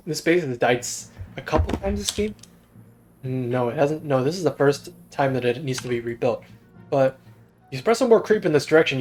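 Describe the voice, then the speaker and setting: A young man giving casual, self-deprecating solo commentary on a strategy game replay. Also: on the high side. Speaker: game caster.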